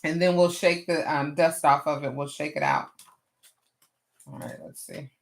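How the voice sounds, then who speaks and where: A woman's voice: low voice, steady tone, moderate pace, vocal fry. A woman hosting a live crafting stream, chatting casually with viewers and laughing at herself. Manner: laughs often, talks back to chat, Southern-style "y'all". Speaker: craft livestream host.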